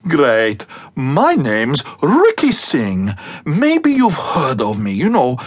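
A man doing a loud pushy show-off. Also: on the high side, huge pitch swings, slow pace, no room sound, heavily acted. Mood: eager. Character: brash, excitable young male show-off.

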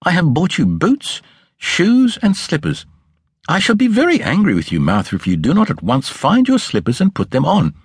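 A man's voice: a little high, wildly swooping pitch, moderate pace, breathy edge, dry recording, clean studio sound, voice pushed up, full character voice. A man voicing a stern, genteel middle-aged station mistress who speaks severely and precisely. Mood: grimly stern.

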